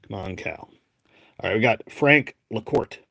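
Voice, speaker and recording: A man's voice: lowish voice, a little slow, creaky, pushed and bright, no room sound. Chatty Boston man on a live stream. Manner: chatty, rambling, calls out names as he goes. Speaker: live-stream host opening card packs. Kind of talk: casual live-stream chat.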